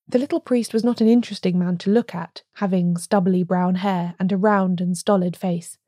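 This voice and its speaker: A woman reading a classic detective story aloud in a steady, measured storytelling voice. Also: fairly low pitch, no echo, studio quality. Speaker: podcast host reading a story.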